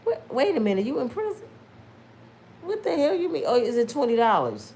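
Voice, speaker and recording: Animated woman chatting casually on a livestream. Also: high voice, brisk, a little hiss or hum. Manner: animated, preachy, laughs loudly. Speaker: YouTube host.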